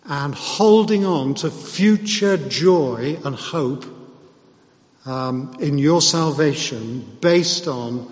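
A man preaching a sermon in an earnest, measured way, with occasional restarts. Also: fairly high pitch. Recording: long hall reverb.

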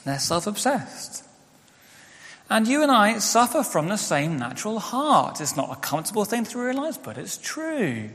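A man's voice: high-pitched, big pitch swings, moderate pace, a bit bright. A young man preaching a sermon as pastor, candid and conversational, with self-deprecating asides. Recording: church hall with long reverb.

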